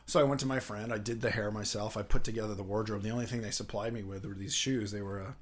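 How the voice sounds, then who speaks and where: A middle-aged man who is a guest on an interview show, telling rambling, lively anecdotes and laughing often. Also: lowish voice, fast. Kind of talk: casual anecdotal storytelling.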